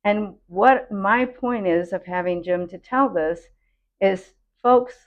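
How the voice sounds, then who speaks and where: A woman's voice: mid-range voice, takes it slowly, muffled recording. A woman host, a computer consultant, earnestly explaining a public safety warning.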